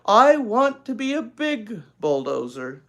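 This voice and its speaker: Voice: high-pitched, very animated, normal speed, fairly bright tone, pitched above the performer's own voice. A reader voicing an exasperated schoolgirl big sister who gets cross with her little sister in a storybook. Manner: cross, fed up.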